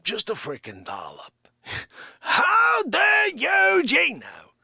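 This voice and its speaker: A man voicing a brash grown man at a café, shouting and indignant as he demands his espresso and treats. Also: very high voice, huge pitch swings, takes it slowly, gravelly, no room sound, studio quality, voice pushed up, exaggerated voice. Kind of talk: improvised comedy bit.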